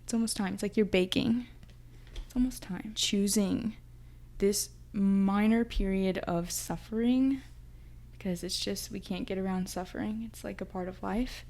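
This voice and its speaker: A woman's voice: medium pitch, unhurried, mellow. A young woman giving a casual, chatty tarot reading, talking through her intuitions in an emotional, thinking-aloud way. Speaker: tarot reader.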